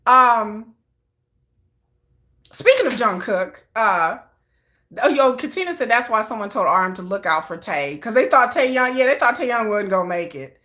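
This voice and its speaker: A woman with a Texan twang hosting a casual livestream, chatty and animated, often restarting her sentences. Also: fairly high pitch, moderate pace. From Texas. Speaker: K-pop news livestream host.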